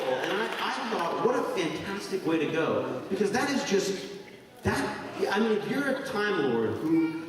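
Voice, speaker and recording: A man's voice: high voice, sing-song, normal speed. A man in his thirties from Canada, a convention guest answering fan questions on stage in a rambling, jokey way, laughing often. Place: large convention hall. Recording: echoey hall recorded from far off with noise.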